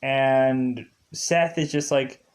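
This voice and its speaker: A man's voice: medium pitch, fairly even intonation, drawn-out words. A man casually recapping a TV episode in a rambling way, repeating filler words and chuckling often. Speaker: TV show reviewer. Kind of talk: casual commentary.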